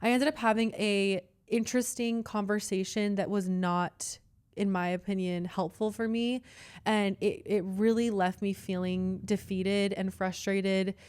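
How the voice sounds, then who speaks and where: A woman's voice: mid-range voice, steady tone, unhurried, darkish tone, clean tone. A young woman hosting a podcast, telling a personal story in an earnest, emotional way. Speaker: podcast host. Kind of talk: candid personal chat.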